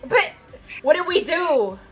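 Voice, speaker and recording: A woman's voice: extremely high pitch, expressive, takes it slowly. A woman acting as game master for a tabletop role-playing session, chatty and giggly, sometimes losing track and swearing.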